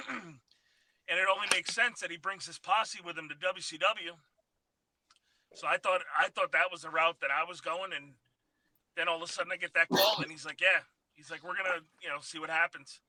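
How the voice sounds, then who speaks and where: A man as a guest on a casual podcast, recounting his career in a low-key, reflective way. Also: pushed and bright, no echo, low-quality recording. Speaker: podcast guest, former wrestler, author. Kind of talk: casual interview chat.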